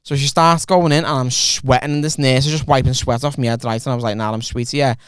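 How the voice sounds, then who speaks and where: A man's voice: medium pitch, fast talker, clear, resonant tone, no echo, studio quality. A young adult man hosting a podcast, telling a rambling, profane story in casual chat. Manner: rambling, profane, animated anecdote. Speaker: podcast host.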